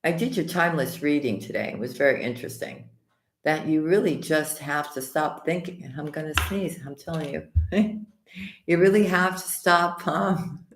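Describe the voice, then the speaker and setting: A woman hosting a live tarot stream, greeting viewers by name and calling them sweetheart and honey, her voice slightly hoarse with the odd cough. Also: sits low, expressive, moderate pace. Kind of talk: casual live-stream chat and tarot reading. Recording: echoey room.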